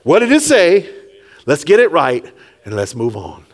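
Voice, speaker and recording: Animated high-voiced male preacher. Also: a little slow. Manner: animated, call-and-response, rises to shouts then drops low; acts out Jesus and Peter in quiet low tones. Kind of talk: sermon.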